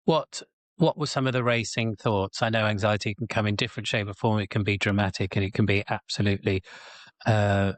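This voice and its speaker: A man hosting a podcast, asking gentle, probing, thoughtful questions. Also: fairly low pitch, fairly even intonation, fairly quick, dry recording. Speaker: podcast host. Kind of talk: interview questions.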